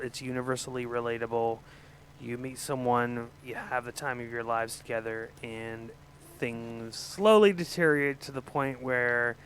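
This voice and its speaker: A man's voice: medium pitch, fairly bright tone, slight background noise. A man hosting a live-streamed music show, joking around and urging viewers into the chat. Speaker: livestream music show host.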